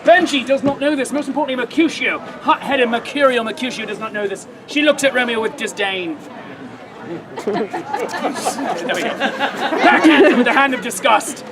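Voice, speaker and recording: A man with a very high voice tells a story as a playful stage comic. He calls out lines for the audience to shout back. A loud outdoor crowd surrounds him. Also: expressive, moderate pace, pauses often. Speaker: comic narrator of an audience-participation show. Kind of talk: live comedic storytelling to a crowd. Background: loud crowd of onlookers.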